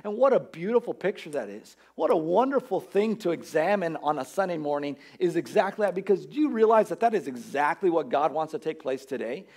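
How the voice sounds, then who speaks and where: A man's voice: a little high, animated, brisk, few pauses, a little mellow. A man preaching a Sunday sermon as pastor, earnest and conversational, building emphasis as he goes. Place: church.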